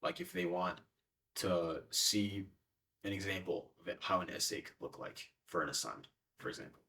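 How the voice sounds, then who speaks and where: A man's voice: low voice, moderate pace, sharp tone, recorded from a distance, slight background noise. A young man answering interview questions in a casual, hesitant way with many fillers. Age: young adult.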